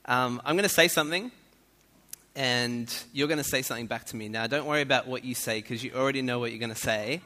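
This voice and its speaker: A man's voice: mid-range voice, fast talker, sharp tone. An Australian man giving a playful, joking talk to an audience in a large hall. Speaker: speaker addressing an audience. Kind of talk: humorous stage talk. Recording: echoey hall.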